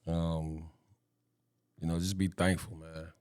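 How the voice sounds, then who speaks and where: A man's voice: low-pitched, level tone, takes it slowly, a little mellow, clear, resonant tone. A man in his thirties co-hosting a podcast, talking in laid-back, slangy casual chat. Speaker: podcast co-host.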